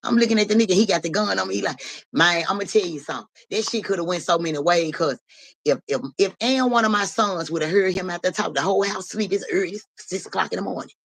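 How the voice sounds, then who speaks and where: A woman hosting a live stream, telling a street story in a casual, slangy, profane way. She keeps asking "you know what I'm saying" and jumps high and loud when she acts out voices. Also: fast, creaky, dry recording.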